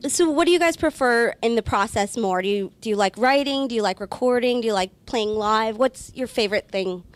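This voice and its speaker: A woman's voice: fairly high pitch, brisk, slight background noise. A woman interviewing a band in a playful, giggly way. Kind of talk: casual interview.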